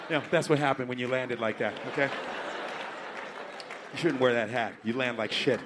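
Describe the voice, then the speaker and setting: A man doing a stand-up comedy routine, animated and profane, shouting and laughing in bursts and slipping into high squealing impressions. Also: moderate pace, long pauses, crowd noise, noisy background. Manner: slips into high-pitched impressions.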